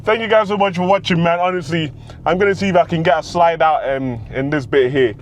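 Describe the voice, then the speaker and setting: A hyped young car vlogger shouts excited commentary from inside his car on country roads, boasting in loud bursts full of street slang. His voice is on the high side and fairly quick, and he's losing it, with car noise behind him on a lo-fi recording.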